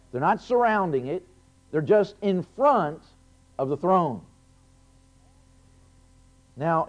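A man preaching a sermon, reading scripture aloud and stressing key phrases, with frequent restarts. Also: fairly high pitch. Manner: emphatic, rising on key phrases, with many restarts. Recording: lo-fi dull recording.

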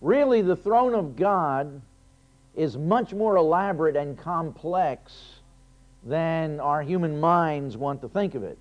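A man's voice: a little high, expressive, slow pace. A man preaching a sermon, reading scripture aloud and stressing key phrases, with frequent restarts. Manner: emphatic, rising on key phrases, with many restarts. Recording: lo-fi dull recording.

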